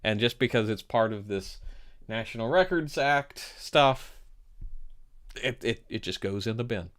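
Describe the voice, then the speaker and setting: Slow, rambling male podcast host. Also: mid-range voice, expressive, a bit bright. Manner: rambling, halting, reading items aloud. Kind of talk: casual chat.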